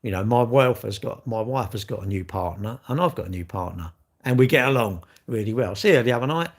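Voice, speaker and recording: An older man, chatting loosely and bluntly to his livestream viewers. He jokes and swears freely, and his voice sits fairly low. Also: expressive, a little fast. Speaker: livestream host. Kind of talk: casual chat with viewers.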